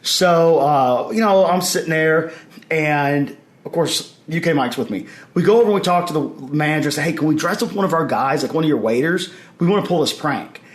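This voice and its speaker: A man, a podcast guest, telling stories in a casual, animated way and acting out the voices he quotes. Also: on the high side, brisk. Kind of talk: casual storytelling. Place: convention hall. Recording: echoey convention hall.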